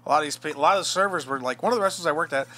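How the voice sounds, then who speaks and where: A man's voice: fairly high pitch, rapid-fire, bright, forceful tone. A man telling rambling, self-mocking stories on a podcast, swearing constantly. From Los Angeles area. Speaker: podcast host. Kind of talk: casual storytelling chat.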